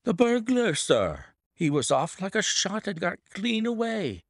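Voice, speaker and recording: A man's voice: sits high, big pitch swings, measured pace, no room sound, clean studio sound, voice pushed up, full character voice. A man voicing a frantic butler who gasps out urgent news. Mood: alarmed. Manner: gasping, breathless. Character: frantic male butler bursting with bad news.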